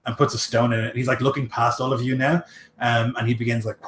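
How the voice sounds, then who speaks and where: A man's voice: medium pitch, flat delivery, quick pace, a bit bright, echoey room, a little hiss or hum. A man running a tabletop game as game master, narrating loosely with many fillers.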